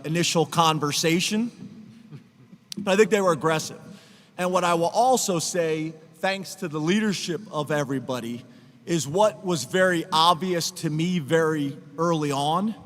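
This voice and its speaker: A man's voice: fairly high pitch, a bit bright. A middle-aged man speaking as head football coach at a press conference, earnest and emotional, choking up at times. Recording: long hall reverb.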